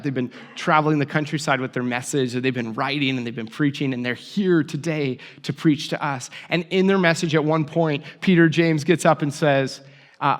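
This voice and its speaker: A man preaching a sermon as a pastor, telling a story with lively, acted-out voices for the people in it. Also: medium pitch, in a large hall.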